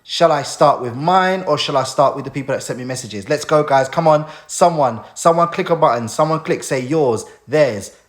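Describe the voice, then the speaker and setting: A man's voice: a little high, normal speed, hardly any pauses. Emotional man hosting a live stream. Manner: heartfelt, emotional, thanks people warmly. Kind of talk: casual live stream talk.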